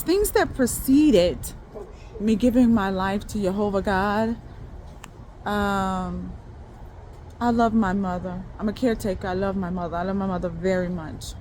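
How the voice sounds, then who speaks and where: A woman's voice: medium pitch, unhurried, pauses often, a little mellow, a little hiss or hum. Woman rambling through a personal testimony. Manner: rambling, with many restarts and repeated words. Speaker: faith video creator. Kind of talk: personal testimony, casual talk to viewers.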